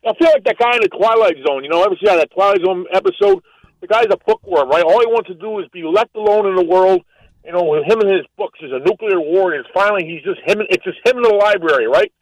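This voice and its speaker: A man's voice: high voice, lively intonation, fast, no echo. A male caller ranting and joking in a stammering, agitated way over a distant phone line. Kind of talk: phoned-in rant.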